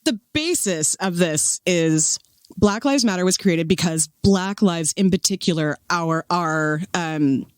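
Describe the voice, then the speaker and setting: A young woman co-hosting a podcast in casual chat, talking freely with lots of fillers and quick laughs. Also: fairly low pitch, clean tone, no echo. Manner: chatty, laughs often, frequent fillers. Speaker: podcast co-host.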